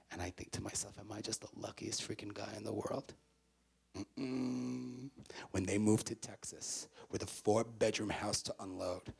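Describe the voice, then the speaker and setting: A gravelly-voiced man works a student crowd as a motivational speaker. He swings from hushed, near-whispered stretches to loud, punchy lines. The talk is live in a university auditorium. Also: on the low side. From the Bronx, New York.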